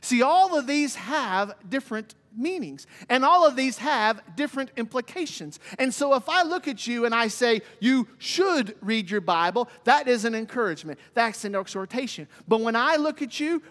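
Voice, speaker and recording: A man's voice: very high-pitched, fairly bright tone. A male pastor preaching a sermon in a church, emphatic and repetitive, with rhetorical questions. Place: church sanctuary. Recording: long hall reverb.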